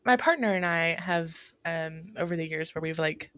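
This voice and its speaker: A woman's voice: on the low side, moderate pace, fairly bright tone. A woman talking in a casual, reflective way, with many fillers and restarts. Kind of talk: casual chat.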